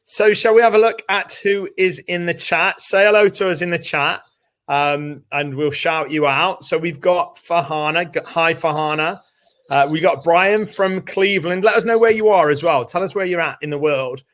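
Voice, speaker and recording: A man's voice: a little high, moderate pace, a bit bright. A British man co-hosting a live webinar from home, chatting casually and upbeat while greeting viewers by name. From United Kingdom. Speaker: co-host of a live training webinar. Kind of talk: casual live-stream chat. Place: home room with doors open.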